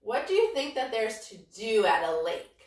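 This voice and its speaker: A woman's voice: on the high side, sing-song, moderate pace. A woman leading a story-led children's yoga class in a playful, sing-song way, full of cheerful exclamations. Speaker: yoga instructor. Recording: echoey room, voice from a distant mic.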